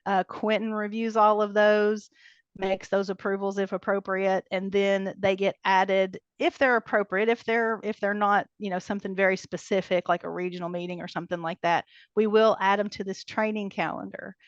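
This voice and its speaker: A woman presenting a training webinar over a video call. She walks through a website in a brisk, chatty way, with many ums and short laughs. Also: medium pitch, fairly even intonation, smooth, dry recording. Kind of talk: casual walkthrough of a website. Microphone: computer mic on a video call. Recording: dull lo-fi video call audio.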